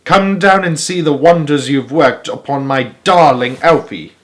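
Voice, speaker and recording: A man reading aloud and voicing a kindly, excitable middle-aged woman, raising his voice high for her. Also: unhurried, close to an everyday voice. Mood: overjoyed. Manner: raised, shrill when excited.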